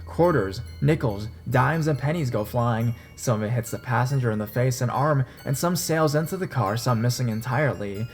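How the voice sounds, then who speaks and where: A man narrates a first-person horror story in a steady, even storytelling voice at a middle pitch. Faint dark music plays underneath. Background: faint dark background music.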